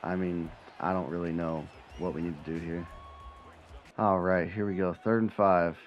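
Gameplay streamer, male, lowish voice, dips to mutters then bursts into loud excitement, dull lo-fi mic. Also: normal speed, slight background noise. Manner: swings from low mutter to excited yelling, swears when frustrated. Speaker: gaming channel host. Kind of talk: live gameplay commentary.

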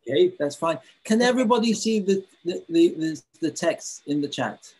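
Lively intonation marks this man's high-leaning, darkish, breathy voice as he teaches a webinar over a video call at normal speed. He's eager throughout, with frequent fillers and restarts.

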